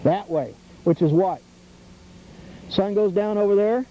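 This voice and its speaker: A man's voice: high-pitched, a little slow. A middle-aged man hosting an outdoor nature show, coaching a group of scouts in a teacherly, enthusiastic way, recorded outdoors. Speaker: TV host leading scouts on a nature walk. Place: outdoors at a birdhouse trail. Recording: dull 1990s public access TV audio with faint noise.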